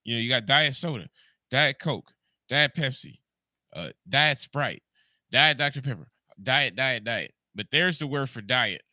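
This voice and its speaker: A man's voice: medium pitch, expressive, unhurried, bright, forceful tone, dry recording. A man with a Jamaican accent hosting a livestream, rambling through ideas, repeating words and answering his chat. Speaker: podcast host. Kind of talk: casual livestream commentary.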